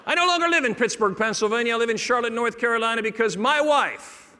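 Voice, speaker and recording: A man's voice: extremely high pitch, expressive, quick pace, clear, resonant tone. Middle-aged man telling stories in a reverberant hall. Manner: humorous, builds to hushed emotional moments. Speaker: motivational speaker. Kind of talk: storytelling keynote speech. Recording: long reverb of a large hall.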